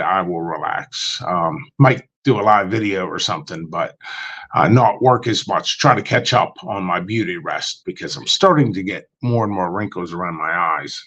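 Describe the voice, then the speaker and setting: A deep, slightly bright male voice belongs to a guest on a livestream chat show. He tells stories casually and rambles, with plenty of ums and restarts. When quoting people, he puts on voices.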